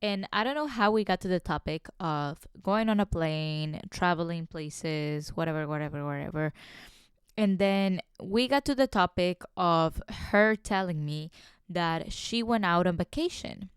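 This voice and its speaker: A woman hosting her own podcast, telling work stories in a casual, animated, gossipy way that turns to indignant rants. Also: lowish voice, measured pace, clean tone, dry recording, clean studio sound. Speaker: podcast host. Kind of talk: casual solo podcast storytelling.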